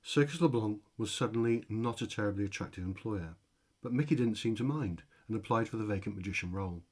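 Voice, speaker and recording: A man's voice: on the low side, quick pace, darkish tone. A man reading his own short comic story aloud, with a dry, wry delivery. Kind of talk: storytelling narration.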